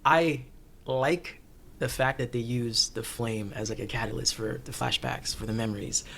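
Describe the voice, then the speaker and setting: A man talking casually as a recurring guest on an anime discussion show, animated and joking, laughing often. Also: medium pitch, moderate pace, gravelly, slight background noise.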